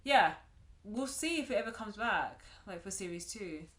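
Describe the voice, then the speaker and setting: Woman co-host, medium voice, giggly, loose and chatty, trails off softly; podcast banter. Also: mid-range voice, expressive, moderate pace. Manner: chatty, giggly, many fillers and soft trailing asides. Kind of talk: casual chat.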